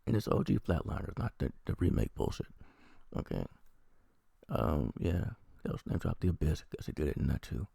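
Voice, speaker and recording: A man's voice: rumbling low, very animated, normal speed, vocal fry, warm tone, husky, dry recording, studio quality. A man from the American Midwest casually reviewing a TV episode while feeling unwell, rambling and sarcastic, with frequent swearing.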